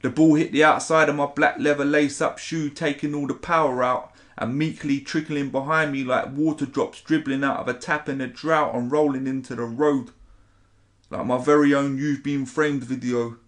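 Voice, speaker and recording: A man's voice: medium pitch, steady tone, normal speed, fairly bright tone. A man, a spoken word poet chatting casually and reading his poetry. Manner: swears casually, rambling, says "innit".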